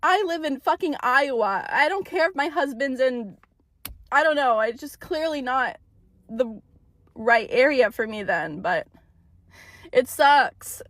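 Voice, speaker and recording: A woman's voice: sits high, expressive, measured pace, fairly bright tone, dry recording. A young woman venting in an emphatic, swearing storytime rant about bad dates, talking into her phone. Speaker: TikTok storyteller. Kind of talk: ranting storytime.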